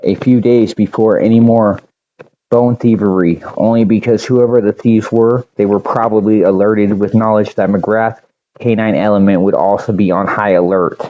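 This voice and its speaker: A man reading an original story aloud, unhurried, with a few slips and restarts. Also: lowish voice, steady tone, highs cut off, slight background noise.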